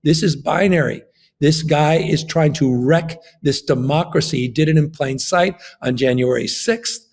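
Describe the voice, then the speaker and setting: A man's voice: a little high, unhurried, vocal fry. A man, a governor, giving an impassioned political interview, emphatic and fond of repeating his phrases.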